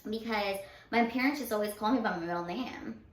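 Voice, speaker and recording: A woman co-hosting a casual chat, friendly and quick to laugh. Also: fairly high pitch. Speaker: podcast co-host. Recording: echoey room.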